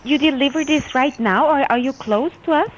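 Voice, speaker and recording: A woman's voice: sits high, normal speed. A woman answering a call as a receptionist, polite and confused, giggling now and then, heard over a phone line. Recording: dull lo-fi phone call audio.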